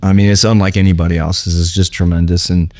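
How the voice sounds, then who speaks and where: Give me a man narrating a personal anecdote as host of his own show. His voice sits on the low side, and he talks loosely, circling back over his words. It feels easygoing and unscripted. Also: flat delivery, fast, a little mellow. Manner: rambling, many fillers and "like". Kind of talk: casual storytelling.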